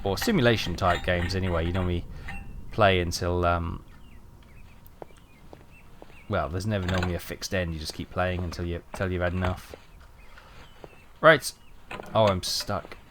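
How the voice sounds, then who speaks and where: A man's voice: deep voice, steady tone, moderate pace, pauses often, noisy background. A British man giving chatty, rambling live commentary while streaming a game, with dry joking asides.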